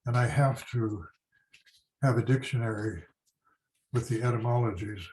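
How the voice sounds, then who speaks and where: An older man giving an informal history lecture, halting with many fillers and restarts as he explains. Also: mid-range voice, a little mellow, a little hiss or hum, poor audio. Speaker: history teacher.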